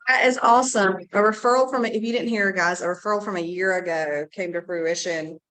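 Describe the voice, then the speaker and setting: A woman with a hoarse, scratchy voice runs a casual team meeting in an office. She speaks at a medium pitch and keeps things upbeat, chatty and a bit rambling. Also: a little fast, fairly bright tone. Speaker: team leader hosting a meeting.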